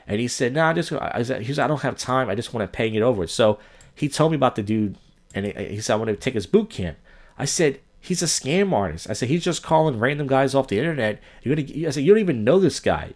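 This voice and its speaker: A young man hosting a solo podcast, rambling through a long story and acting out the people he quotes. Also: mid-range voice. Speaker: podcast host.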